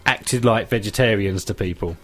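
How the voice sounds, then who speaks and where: A man's voice: fairly low pitch, normal speed. A man with a British accent co-hosting a comedy radio show, chatting casually and laughing often. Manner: laughs often, animated, tells funny stories. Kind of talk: casual banter. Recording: radio studio.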